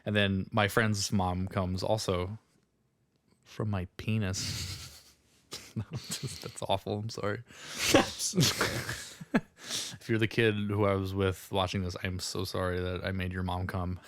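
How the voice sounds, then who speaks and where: A man's voice: deep voice, level tone, takes it slowly, pauses often, a little hiss or hum. A young man on a casual podcast, rambling through a story, laughing often and acting out the people in it. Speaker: podcast co-host.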